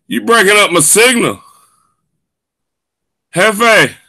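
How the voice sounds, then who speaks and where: A man hosting a live football show, loud and hyped, often shouting and stretching his words. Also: sits high, lively intonation, moderate pace, no echo. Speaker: host. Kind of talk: excited live sports show chat.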